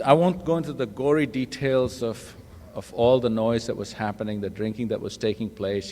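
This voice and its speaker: At a recovery meeting, a man with a lowish, somewhat dark voice tells humorous stories about his own life, poking fun at himself. He performs the voices of the people he quotes, and the live talk echoes through a reverberant hall.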